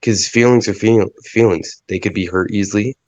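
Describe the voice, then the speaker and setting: A man's voice: lowish voice, fairly even intonation, normal speed, darkish tone, rough recording. A man rambling on a podcast as a guest, full of fillers and restarts, with a stuffy nose. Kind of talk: casual podcast chat.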